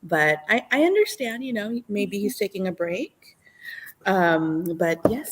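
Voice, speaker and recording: A woman chats as a guest on a live stream. She is animated and laughs often. She talks in loose bursts and restarts her sentences. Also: on the low side, takes it slowly. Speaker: guest artist. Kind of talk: casual live-stream chat.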